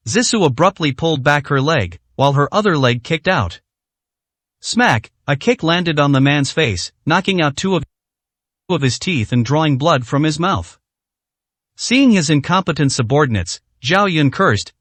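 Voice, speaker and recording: A man narrating a translated martial arts story in steady scripted storytelling. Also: a little high, normal speed, no room sound.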